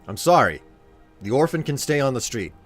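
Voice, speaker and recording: A man's voice: mid-range voice, very animated, brisk, a bit bright, soft background music. A man chatting casually while streaming a game, rambling and joking, often restarting his sentences. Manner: rambling, self-interrupting, jokey.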